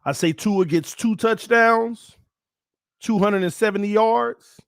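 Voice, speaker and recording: A man hosting his own sports fan channel, giving casual commentary to viewers in a playful, excitable way. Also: high-pitched, slow, creaky, no echo, studio quality. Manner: playful, excitable, swings between calm and shouting.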